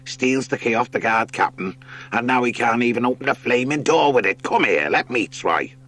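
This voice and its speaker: Man voicing a sea rat bully, raised pitch, sneering, scolding, storybook. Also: animated, moderate pace, a bit bright. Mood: scornful. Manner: sarcastic and scolding.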